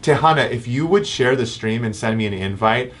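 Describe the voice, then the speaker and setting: A man's voice: mid-range voice, lively intonation, a little fast, fairly bright tone. A man in his thirties, a chiropractor hosting a casual live Q&A and answering viewer comments with frequent ums. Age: 30s. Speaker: chiropractor host.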